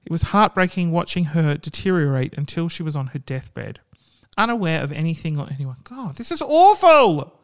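A man reading stories aloud and breaking off into hushed, emotional asides. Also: a little high, a little fast, clean tone. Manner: reactive, drops to hushed asides between readings.

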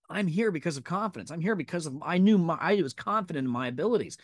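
A man's voice: fairly high pitch, animated, fast, few pauses, dry recording, clean studio sound. A man in his thirties hosting a podcast, giving an intense, profane and emphatic motivational monologue. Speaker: podcast host.

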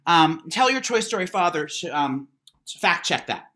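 A man co-hosting a podcast, chatting and gossiping in an animated way, stammering and swearing, with lots of fillers. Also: a little high, moderate pace. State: congested, has to blow his nose. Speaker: podcast co-host. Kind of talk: casual gossip chat.

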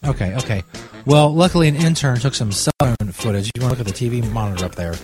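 Male comedy podcast host, mid-pitched, profane and exasperated, with faint music underneath. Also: quick pace. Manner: profane, exasperated, loud outbursts.

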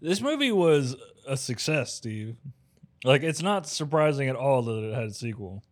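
A man's voice: medium pitch, very animated, normal speed. A man in casual movie-review banter, dry and wry, laughing along with his friend. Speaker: podcast co-host.

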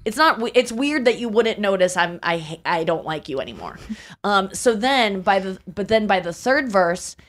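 A woman's voice: mid-range voice, animated, moderate pace. A woman hosting a podcast, chatting casually, rambling through lots of fillers and restarts and laughing easily. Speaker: podcast host. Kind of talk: casual chat.

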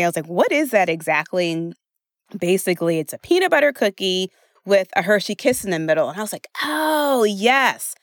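Podcast host: American woman, coaching tone, animated pitch, laughs often, dry close mic. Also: no echo. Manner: chatty and expressive, laughs often. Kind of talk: solo podcast talk.

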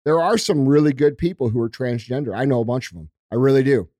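A man's voice: mid-range voice, expressive, fast talker, mellow, no room sound, studio quality. A man co-hosting a podcast, ranting in heated casual talk and swearing often. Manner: profane, emphatic ranting. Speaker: podcast co-host.

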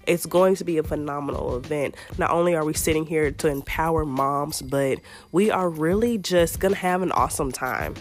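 A young woman hosting a podcast in a casual, chatty way, her voice hoarse and a little raspy from a scratchy throat. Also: deep voice, normal speed. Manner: chatty and playful, talks straight to listeners. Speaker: podcast host. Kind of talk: casual chat.

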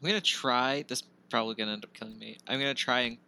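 A man plays a casual tabletop game in a mid-pitched, bright, forward voice. He hesitates over his choices and sounds resigned. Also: fairly even intonation, very fast, gravelly. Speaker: player.

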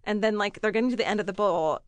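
A woman's voice: medium pitch, fast, no echo. A young woman co-hosting a casual podcast chat, blunt and opinionated, swearing freely. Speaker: podcast co-host.

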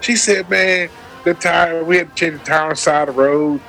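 A man's voice: on the high side, moderate pace, vocal fry, a little hiss or hum, low-quality recording. A man co-hosting a casual podcast, telling a rowdy story with lots of swearing and acted-out quotes. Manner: animated storyteller, acts out quotes, swears freely. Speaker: podcast co-host.

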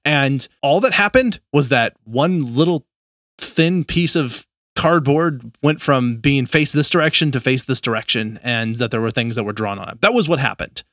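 Measured male podcast co-host, dry sound. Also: mid-range voice, lively intonation, fairly bright tone, dry recording. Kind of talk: casual conversational podcast.

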